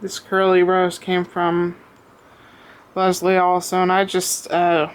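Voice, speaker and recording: A woman showing off a craft piece she made, talking out of breath, with many pauses and ums, recorded on a camera on a tripod at home. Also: lowish voice, completely flat delivery, smooth. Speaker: crafter showing her work. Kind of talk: casual show-and-tell.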